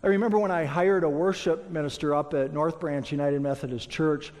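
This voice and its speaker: A man's voice: fairly high pitch, steady tone, brisk, darkish tone. A male pastor delivers a sermon, slipping into quoted voices as he tells stories. His voice sits a little above the usual male range. The sound carries a long, hall-like reverb around him. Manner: storytelling, acts out quoted voices.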